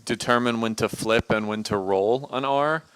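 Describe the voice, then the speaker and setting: A man's voice: medium pitch, normal speed, clear, resonant tone, no room sound. Dry-joking man co-hosting a cooking stream. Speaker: livestream cooking show co-host. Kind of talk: casual chat.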